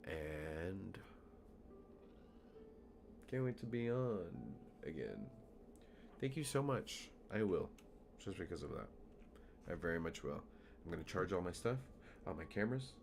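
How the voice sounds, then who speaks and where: A man with a very low voice talks his way through a gaming stream at an unhurried pace. He rambles casually and pokes fun at himself as he goes. A faint hum of noise sits under his voice. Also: darkish tone. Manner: rambling, chatty, self-mocking. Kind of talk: casual gameplay commentary.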